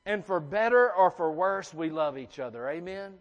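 A man's voice: high-pitched, animated, normal speed, long reverb tail, highs cut off. A man preaching a sermon to his congregation, chatty and joking, asking the room questions. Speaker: pastor. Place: church sanctuary.

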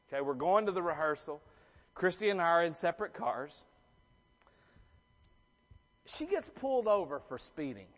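A man's voice: a little high, a bit bright, in a large hall. A man preaching a sermon to his congregation, chatty and joking, asking the room questions. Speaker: pastor. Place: church sanctuary.

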